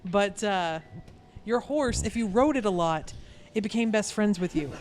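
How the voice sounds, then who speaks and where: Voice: mid-range voice, normal speed, a little hiss or hum. A podcast co-host chatting casually and acting out the voices in a story. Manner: animated storyteller, acts out voices. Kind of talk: casual chat.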